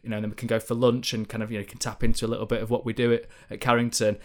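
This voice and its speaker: A man's voice: medium pitch, flat delivery, racing. A man, a football journalist, telling an anecdote in casual podcast chat, rambling with fillers and restarts.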